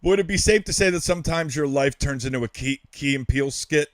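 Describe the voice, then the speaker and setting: Male podcast co-host, a touch high-pitched; jokey and teasing; close, dry recording. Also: fast talker, no room sound. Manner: joking, laughs often, teasing interjections. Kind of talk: casual chat.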